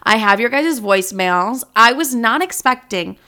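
Woman, twenties, podcast host, casual profane chat, bright tone. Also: a little high, animated, normal speed. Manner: chatty, profane, joking. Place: her home.

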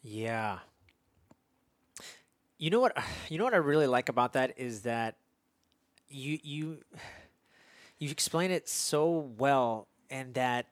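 A man in his thirties hosts the conversation, talking in an earnest, rambling way with frequent restarts. His voice sits at a middle pitch. The sound is dry, with no room echo. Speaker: podcast host and father. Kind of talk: conversational interview.

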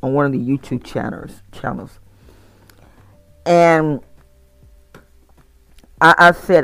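Tired man rambling slowly. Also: fairly high pitch, gravelly, a bit bright, dry recording. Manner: rambling, frequent restarts and repeats. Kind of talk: casual monologue to camera.

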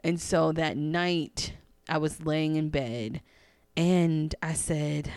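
Woman, low voice, podcast host, candid personal storytelling, chatty, dry close sound. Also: takes it slowly, clear, resonant tone, no room sound. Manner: expressive, acts out dialogue in a hushed voice.

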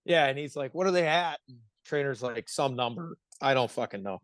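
Animated, laughing hockey player telling stories. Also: male voice, medium pitch, brisk, dry recording. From Pittsburgh area, United States. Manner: animated, laughs often, swears freely. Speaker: guest, pro hockey player. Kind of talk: casual podcast storytelling.

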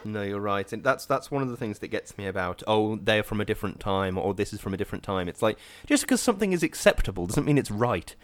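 A man, chatting casually on a podcast, animated and acting out quoted voices as he talks. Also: on the low side, fast talker, few pauses, no echo. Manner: animated, acts out quoted voices, frequent "do you know what I mean". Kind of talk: casual chat.

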